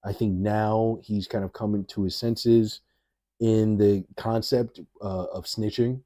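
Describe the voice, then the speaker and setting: A man's voice: fairly low pitch, fairly even intonation, takes it slowly, warm tone. A man reacting to a video in casual, rambling commentary, swearing freely and often laughing as he talks.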